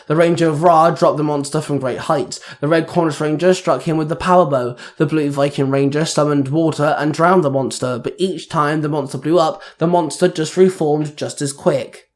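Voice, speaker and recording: Man, storyteller, amateur action narration, steady reading, slightly high pitch.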